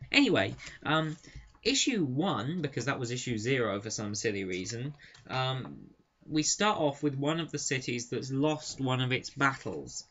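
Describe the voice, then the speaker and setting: A young man talks through his review in a loose, chatty way, amused and a little sarcastic. His voice sits at an ordinary middle pitch. The recording sounds dull and lo-fi. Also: a bit bright, slight background noise. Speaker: comic book reviewer. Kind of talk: casual spoken review.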